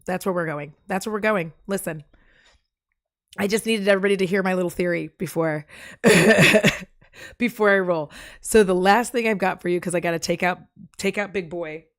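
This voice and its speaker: A woman's voice: on the low side, normal speed, long pauses, dry recording, clean studio sound. A woman chatting casually on her live stream, rambling from topic to topic and cracking jokes and puns. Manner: jokey, rambling, fond of puns. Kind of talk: casual chat.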